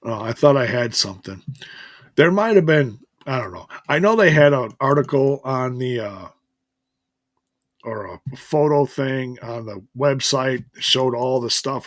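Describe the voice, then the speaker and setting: A man's voice: mid-range voice, no room sound, clean studio sound. A man hosting a casual solo wrestling review, rambling and correcting himself as he goes, chuckling now and then.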